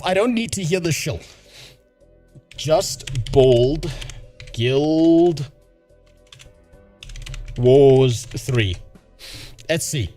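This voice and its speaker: A man's voice: on the high side, lively intonation, drawn-out words, pauses often, mellow, soft background music. A man streaming a casual reaction, sarcastic and crude, swearing often.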